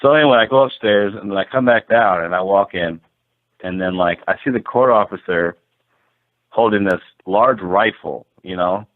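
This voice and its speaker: A landlord guest tells a rambling, casual story in a fairly low male voice at normal speed. He's animated, says "like" constantly, and acts out quoted dialogue, all heard over a tinny, phone-like line.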